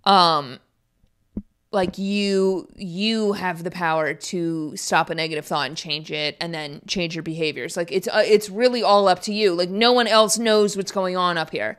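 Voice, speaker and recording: A woman in her twenties hosting a podcast, rambling in casual chat full of fillers, her pitch jumping when she gets excited. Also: measured pace, clear, resonant tone. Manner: chatty, rambling storyteller with many fillers. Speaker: podcast host.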